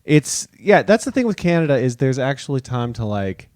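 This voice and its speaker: A man's voice: medium pitch, moderate pace, no echo. A man co-hosting a podcast, riffing and joking in casual chat at a studio mic. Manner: jokey, animated, riffing. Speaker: podcast co-host.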